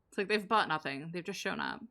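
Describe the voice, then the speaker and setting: A woman's voice: on the low side, gravelly, pushed and bright. A young woman streamer giving casual, sarcastic live commentary as she plays a game and banters with her chat.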